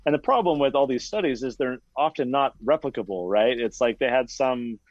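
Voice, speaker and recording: A man co-hosting a casual podcast, retelling a story with lively acted-out voices. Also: mid-range voice, brisk, no echo, muffled recording. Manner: animated storyteller acting out quoted voices. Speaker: podcast co-host.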